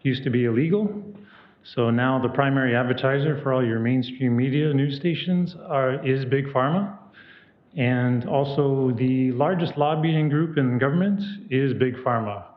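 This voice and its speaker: A man's voice: mid-range voice, normal speed. Man from Michigan at the public mic, earnest warning delivery, roomy dull sound. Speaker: public commenter. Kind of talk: public comment speech. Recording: echoey muffled meeting room.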